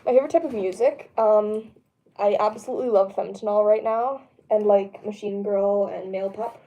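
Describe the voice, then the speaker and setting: A woman's voice: mid-range voice, moderate pace, dark tone, lo-fi sound. A young woman chatting casually on a home stream, answering chat in a rambling way with lots of fillers. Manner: rambling, lots of ums, laughs easily. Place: home room.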